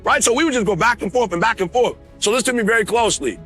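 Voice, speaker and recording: High, bright-voiced male motivational speaker. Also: very fast, faint music behind. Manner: emphatic, swings from quiet confiding to shouting. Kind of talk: motivational speech. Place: conference stage before an audience.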